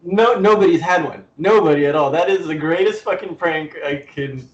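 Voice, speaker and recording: A man's voice: fairly high pitch, moderate pace. Distant-sounding podcast host, a man. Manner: profane, enthusiastic reactions. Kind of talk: casual chat. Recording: roomy, distant, dull-sounding mic.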